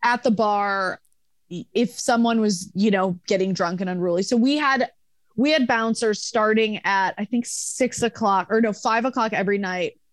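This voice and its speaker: Woman, young adult, podcast guest, profane and animated storyteller, dry close sound. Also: mid-range voice, normal speed, no room sound. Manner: profane, animated, acts out quotes. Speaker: podcast guest, former bar manager. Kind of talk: casual storytelling.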